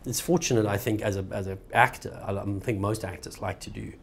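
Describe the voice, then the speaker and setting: A middle-aged man with a South African accent, chatting casually as an actor guest in an interview, relaxed and quick to laugh. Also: fairly low pitch, vocal fry, a little hiss or hum. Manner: relaxed, laughs easily, says "man" and "bro".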